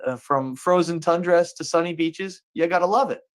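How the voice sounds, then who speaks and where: A man's voice: fairly high pitch, normal speed. A man hosting a comedic monologue show, joking around and putting on folksy voices. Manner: jokey, playful asides and put-on folksy voices. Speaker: host.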